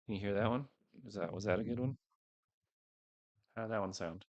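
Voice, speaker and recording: A man's voice: on the low side, brisk, a little mellow. A man hosting a casual livestream, rambling and unsure as he talks to a few viewers on a headset microphone. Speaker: livestream host.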